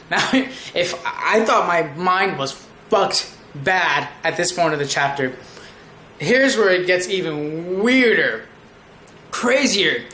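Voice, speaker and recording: A fired-up anime reviewer rambling through an episode recap, cursing freely. The voice is bright and forceful, and the recording has a roomy echo with faint ambience underneath. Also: mid-range voice, slow pace, slight background noise. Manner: excitable, rambling, profane.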